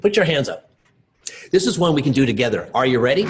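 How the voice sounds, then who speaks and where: A storyteller from Hawaii telling tales to children over a video call, leading call-and-response and slowly repeating phrases for emphasis. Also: male voice, mid-range voice, a little hiss or hum. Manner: animated, leads audience call-and-response. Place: home during quarantine.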